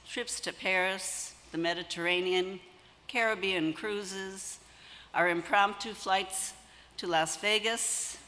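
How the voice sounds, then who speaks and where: Slow, bright-voiced woman in her seventies. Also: fairly low pitch. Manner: measured, nervous, reading prepared remarks. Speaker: longtime family friend giving a eulogy. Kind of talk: memorial tribute. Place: church sanctuary. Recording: long church-hall reverb.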